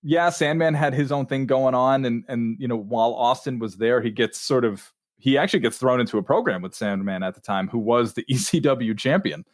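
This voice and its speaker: A man co-hosting a podcast, telling stories in a relaxed, chatty way with fillers. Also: medium pitch, a little fast, few pauses, dry recording, studio quality. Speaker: podcast co-host. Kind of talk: casual chat.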